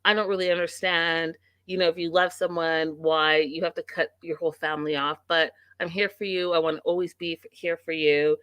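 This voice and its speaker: A woman hosting a live TV recap stream, giving blunt opinions and reading viewer comments aloud in a casual, animated way. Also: fairly low pitch, brisk, few pauses, clear, resonant tone, dry recording. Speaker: host of a live TV recap show.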